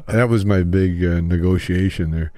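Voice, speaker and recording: Older guy, low voice, laid-back rambling story, dry close sound. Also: fairly even intonation, moderate pace, mellow, dry recording. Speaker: comedian guest. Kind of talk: relaxed storytelling anecdote.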